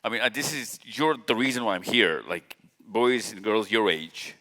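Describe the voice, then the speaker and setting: A man's voice: fairly low pitch, moderate pace, pushed and bright. A man giving a casual, chatty talk to a live audience from a stage, joking and questioning people in the crowd directly. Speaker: speaker at a live event. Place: large hall with stage lights. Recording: long hall reverb.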